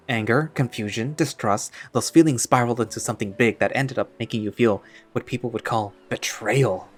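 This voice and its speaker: A man's voice: lowish voice, a little fast, few pauses, soft background music. Man narrating a story in second person.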